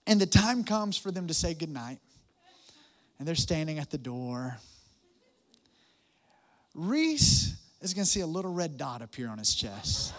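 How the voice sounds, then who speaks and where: A man preaching a sermon as pastor, humorous and animated, with many asides to the congregation. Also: high voice.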